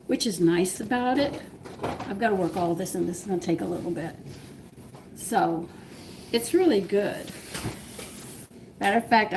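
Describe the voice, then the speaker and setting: A woman's voice: medium pitch, gravelly, noisy background. A woman hosting a live cooking demonstration from her home kitchen, chatting to viewers as she works dough by hand. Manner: chatty, explains steps while working dough by hand. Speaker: home cooking show host.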